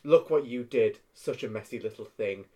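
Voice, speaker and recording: A man reading aloud, voicing a cruel male villain who taunts his captive in a low, mocking tone. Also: normal speed, warm tone, lightly acted. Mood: taunting.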